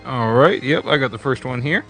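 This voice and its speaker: A man's voice: mid-range voice, moderate pace, fairly bright tone, soft background music. A man co-hosting a casual podcast, laid-back and plain-spoken. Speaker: podcast co-host.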